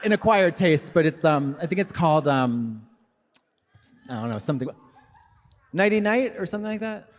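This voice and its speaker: A man's voice: fairly high pitch, lively intonation, normal speed, pauses often. A man co-hosting a live comedy podcast on stage, rambling with lots of fillers and swearing. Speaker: co-host. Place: live stage show in a venue. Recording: reverberant live venue, faint noise.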